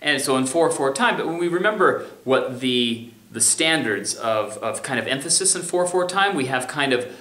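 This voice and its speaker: A man's voice: medium pitch, lively intonation, moderate pace, few pauses, pushed and bright. A man teaching music theory in a recorded remote lecture, talking casually and scatting rhythms to show them. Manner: casual, sings and scats rhythms to demonstrate. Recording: echoey room.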